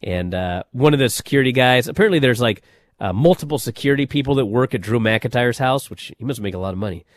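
A man hosting a casual wrestling chat, telling stories in an animated way with many fillers and restarts. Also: medium pitch, quick pace, no room sound. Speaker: wrestling podcast host.

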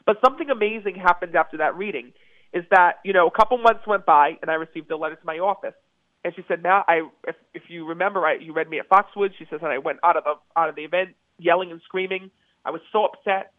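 High-voiced man on a tinny phone line. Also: fast talker, no echo. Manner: eager, storytelling, repeats words for emphasis. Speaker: psychic medium guest. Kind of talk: phone-in interview.

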